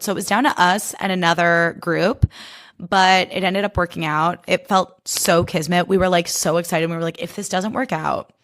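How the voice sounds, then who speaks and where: A woman's voice: on the low side, fairly bright tone. Young woman rambling on her podcast, sarcastic, swears a lot, says like constantly. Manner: chatty, fast, sarcastic, swears a lot, heavy 'like' fillers. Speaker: podcast host. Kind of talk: casual chat.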